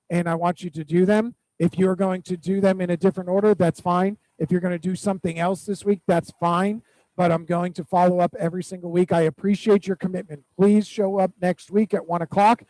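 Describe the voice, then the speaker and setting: A man with a high-pitched voice runs a weekly accountability call for his real estate team. He gives direct instructions and keeps repeating the action items. The sound is dry and close. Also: no room sound, rough recording. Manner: direct, repetitive instructions with animated storytelling.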